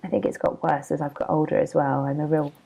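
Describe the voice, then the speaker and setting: A woman's voice: deep voice, fairly even intonation, fast, gravelly, mellow, husky, rough recording. A woman in her thirties hosting a casual solo podcast, chatty and self-deprecating, wandering off on digressions while a bit hungover and yawning. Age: 30s. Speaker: podcast host and blogger.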